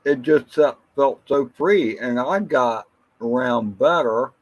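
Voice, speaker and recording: Slow, rambling man on a livestream. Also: medium pitch, dull audio. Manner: slow, rambling, reminiscing storyteller; greets viewers from the chat by name. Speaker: drone channel livestream host. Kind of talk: casual livestream chat with viewers.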